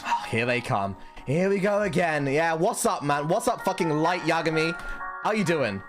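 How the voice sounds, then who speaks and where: A man's voice: fairly high pitch, lively intonation, moderate pace. A young man streaming a game, talking casually, swearing often and yelping panicked apologies. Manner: frantic, swears a lot, yelps apologies in panic. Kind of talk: live gameplay commentary. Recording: game music playing underneath.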